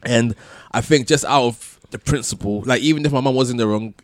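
A man telling a long personal story on a podcast, full of restarts and soft laughs. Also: medium pitch, fairly quick, no echo, clean studio sound. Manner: rambling, many restarts, laughs between phrases. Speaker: podcast co-host. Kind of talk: casual storytelling chat.

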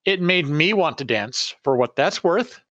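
A man's voice: a little high, expressive, a little slow, fairly bright tone, dry recording. A man playing in a tabletop game, rambling and filling his speech with ums and uhs. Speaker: player. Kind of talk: casual tabletop game play.

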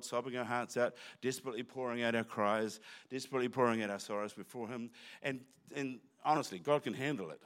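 A man's voice: medium pitch, a bit bright. A man preaching a sermon in church, talking conversationally with asides and restarts. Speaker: pastor.

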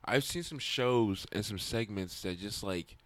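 A young man in casual chat, rambling and animated, swearing now and then. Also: lowish voice, unhurried, no room sound.

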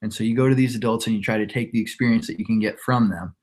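Podcast guest, male, 20s, lower pitch, reflective rambling delivery. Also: rapid-fire. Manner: reflective, rambling with frequent restarts. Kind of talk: casual conversation.

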